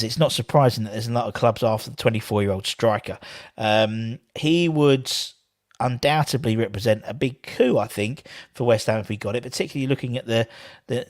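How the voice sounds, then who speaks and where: A man's voice: medium pitch, no room sound. Chatty man, dry close sound. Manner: rambling, reads viewer comments aloud. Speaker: fan channel host. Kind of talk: casual live stream chat.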